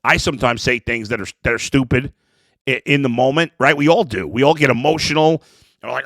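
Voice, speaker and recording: A man's voice: medium pitch, a little fast, a bit bright, no echo. A man hosting a sports podcast, talking through an emotional, rambling opinion monologue with lots of restarts.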